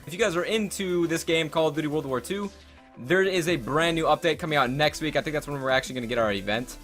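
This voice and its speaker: Fast-talking, bright-voiced young man. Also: on the high side, faint music behind. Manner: profane, rambling, loud outbursts. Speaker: gaming YouTuber. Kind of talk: storytelling over gameplay.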